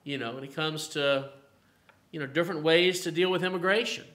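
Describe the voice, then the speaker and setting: A man's voice: a little high, fairly quick, a bit bright. A man with an Appalachian Southern accent, a pastor leading a mid-week Bible study in a conversational way, full of "you know" fillers and rising to emphatic declarations. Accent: Appalachian Southern American.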